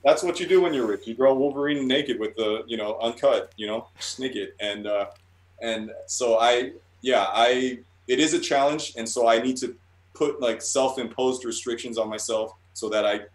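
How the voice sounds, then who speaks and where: A man's voice: medium pitch, moderate pace. Rambling, profane man in a roomy space. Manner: rambling, profane, with many restarts. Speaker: guest artist. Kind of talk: casual interview talk. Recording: roomy echo.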